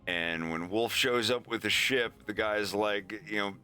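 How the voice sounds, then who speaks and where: A man's voice: on the low side, unhurried, pushed and bright, soft background music. A man streaming casually, talking in a rambling, profane way. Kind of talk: casual chat.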